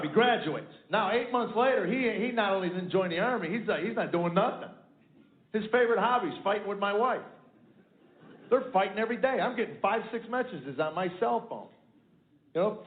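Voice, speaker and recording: A man's voice: sits high, lively intonation, a little fast. A middle-aged male comedian telling a family story on stage, acting out the dialogue with wry punchlines. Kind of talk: stand-up storytelling. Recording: echoey, tinny phone-like live recording.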